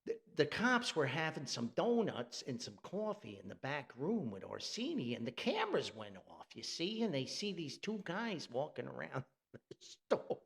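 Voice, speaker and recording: A man from New Jersey telling a funny story on a podcast, animated and chuckling, with rambling asides. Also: a little high, moderate pace, creaky. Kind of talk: humorous storytelling.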